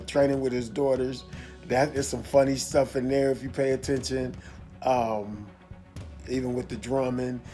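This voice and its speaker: A man's voice: medium pitch, mellow. Rambling man reviewing a movie. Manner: rambling, repeats himself, restarts a lot. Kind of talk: casual video review.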